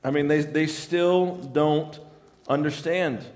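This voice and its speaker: A man's voice: on the high side, steady tone, takes it slowly, a little mellow, big-room sound. A man preaching a sermon in a conversational way, often repeating words as he restarts his lines. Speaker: pastor.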